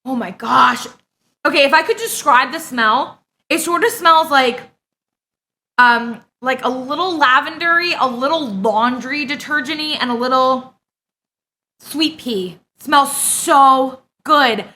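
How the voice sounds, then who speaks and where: A young woman streamer, excitable and gushing, swearing freely as she chats casually on a live stream. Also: high-pitched, measured pace.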